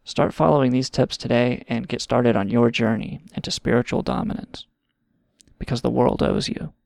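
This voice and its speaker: A man's voice: medium pitch, steady tone, moderate pace, vocal fry, a little mellow, no room sound, clean studio sound. A man hosting a show, ranting in a rambling, sarcastic and profane way. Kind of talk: casual comedic rant.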